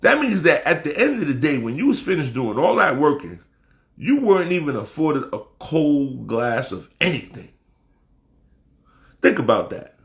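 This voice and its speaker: A man delivering a heated, profane casual rant, talking with emphasis and rising to shouts. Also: fairly high pitch, very animated, moderate pace, reverberant. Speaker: commentator.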